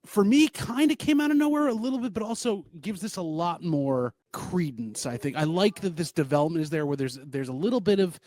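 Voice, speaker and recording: Excitable male co-host, dry close sound. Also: high voice, a little fast, few pauses, no room sound. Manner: enthusiastic, excitable fan commentary. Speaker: podcast co-host. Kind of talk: casual chat, wrestling review.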